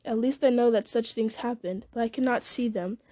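A woman's voice: fairly high pitch, fairly quick, warm tone, no echo, natural voice. A woman voicing a weary, burdened male hobbit who speaks in a sorrowful, strained way. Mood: sad.

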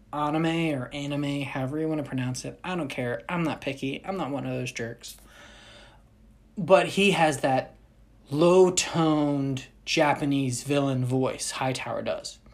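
Woman, low-pitched voice, casual storytelling, animated, jokey asides. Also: moderate pace.

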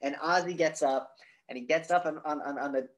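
A man co-hosting a podcast, casually recapping a movie in a rambling, profane way and acting out lines in high voices. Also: steady tone, brisk. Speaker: podcast co-host.

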